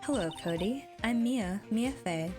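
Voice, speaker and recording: A woman voicing a calm, kind female lawyer mentor in a game, over game music. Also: fairly high pitch, measured pace. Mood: gentle.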